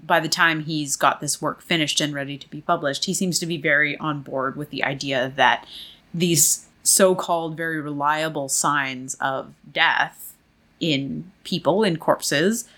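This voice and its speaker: A woman's voice: sits low, measured pace, pushed and bright. A woman presenting history research in a casual, chatty way, with frequent fillers. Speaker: podcast co-host presenting research. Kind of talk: casual informative chat.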